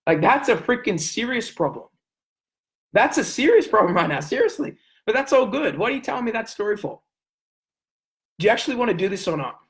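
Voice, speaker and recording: Intense high-voiced male sales coach. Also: sing-song, brisk, rough recording. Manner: intense, emphatic, repeats phrases for punch; raises voice to near yelling at times. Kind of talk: motivational coaching talk.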